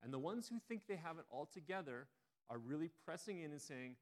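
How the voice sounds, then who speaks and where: A man preaching a sermon, retelling a story in a relaxed, conversational way with frequent restarts. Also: on the high side, brisk.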